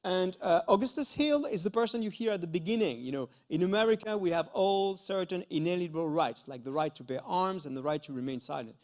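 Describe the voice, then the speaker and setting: A man's voice: sits high, lively intonation, a little fast, few pauses. A middle-aged man with a French accent giving a conference lecture, hesitant, with many fillers and restarts and a frequent "okay?". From France. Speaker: university lecturer. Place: school conference hall.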